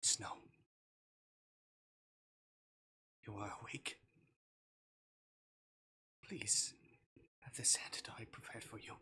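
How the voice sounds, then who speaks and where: A man's voice: lowish voice, steady tone, unhurried, pushed and bright, breathy edge, exaggerated voice. A man voicing a remorseful male fae captor in whispered role-play, speaking formally and apologetically. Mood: gentle.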